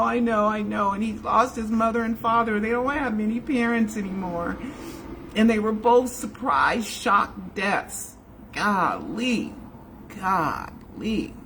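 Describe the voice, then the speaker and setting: A woman's voice: sits low, fairly bright tone, slight background noise. A woman in her sixties hosting a casual video chat from her home, talking in a digressive, emotional way. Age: 60s. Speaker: video host. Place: home room.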